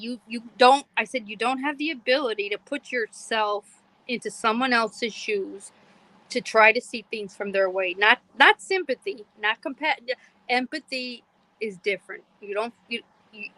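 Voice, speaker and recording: A middle-aged woman from Pennsylvania, hosting a podcast and telling a story in a casual, animated way, quoting herself and others and laughing often. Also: medium pitch, low-quality recording. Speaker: podcast host.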